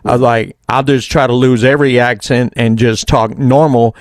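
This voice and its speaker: A man's voice: medium pitch, fairly even intonation, normal speed, dry recording, clean studio sound. A man in his sixties from Louisiana with a Southern accent, a radio host chatting casually and patiently explaining how words are said. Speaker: show host, radio broadcaster. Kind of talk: casual chat.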